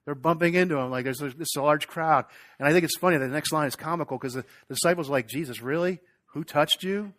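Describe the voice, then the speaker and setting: A pastor preaches a sermon, animatedly retelling a story in a conversational way, acting out quotes and posing questions to the congregation. His voice is on the high side, fast, with few pauses.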